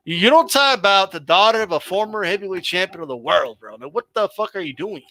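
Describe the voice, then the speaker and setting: A man hosting a casual boxing chat stream, animated and slangy, swearing and laughing as he talks. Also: high-pitched, quick pace. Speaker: host.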